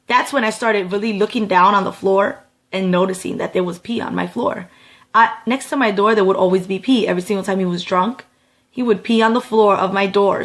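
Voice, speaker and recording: A woman's voice: mid-range voice, gravelly, fairly bright tone. A young adult woman telling a personal story on her vlog, emphatic and profane, often checking in with her viewers. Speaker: beauty vlogger.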